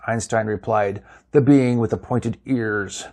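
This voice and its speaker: A man narrating his own story in a steady, low-key way. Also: unhurried, creaky. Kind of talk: read-aloud story narration.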